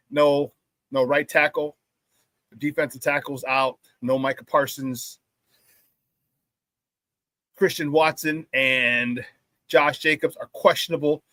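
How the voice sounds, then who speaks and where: A man hosting a live morning sports talk show, loud and playful, hyping up his audience with shout-outs. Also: on the high side, no room sound.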